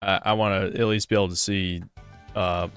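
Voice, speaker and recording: A man's voice: sits low, little pitch movement, moderate pace, fairly bright tone, soft background music. Offhand muttering streamer man. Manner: offhand, mutters to himself while gaming. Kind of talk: casual stream commentary.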